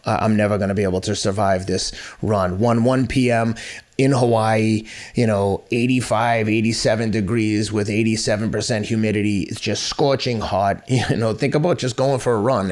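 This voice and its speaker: A man in his fifties with a fairly low voice talks as a podcast guest. He tells his story bluntly and candidly, mocks himself and swears casually. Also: a little mellow. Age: 50s.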